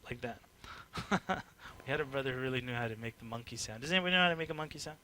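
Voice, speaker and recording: Bright-voiced animated male workshop speaker. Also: medium pitch, fast. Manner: animated, acts out dialogue, frequent fillers and laughs. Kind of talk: informal teaching talk to a group.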